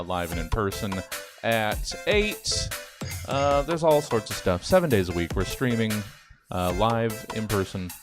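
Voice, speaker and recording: Rambling stream host over music. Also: male voice, mid-range voice. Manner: loose, rambling, many fillers. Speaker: theater host. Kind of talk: livestream sign-off. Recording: music clearly behind the voice.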